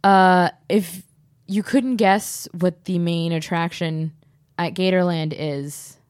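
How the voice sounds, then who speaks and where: A woman's voice: lowish voice, fairly even intonation, slow, a little mellow, smooth, dry recording, clean studio sound. A young woman hosting a podcast, telling stories in a casual, giggly way. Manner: storytelling, giggly, does silly voices. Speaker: podcast host. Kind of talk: casual chat.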